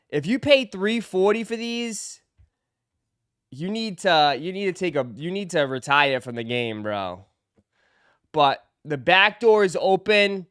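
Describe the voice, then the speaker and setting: A man hosts a casual live stream, talking to his viewers in a laid-back, slangy way and teasing them. His voice is smooth and somewhat high, and his pace is slow and unhurried. The sound is close and dry. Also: animated, fairly bright tone, no room sound. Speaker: sneaker live stream host.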